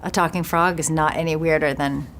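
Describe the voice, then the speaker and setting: Lady chatting at a press junket, kinda low voice, laughs a lot, faint room hiss. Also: fairly even intonation, fairly quick, fairly bright tone. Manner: chatty, laughs often, trails off and restarts. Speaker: actress interviewed about her film. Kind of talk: casual press junket interview.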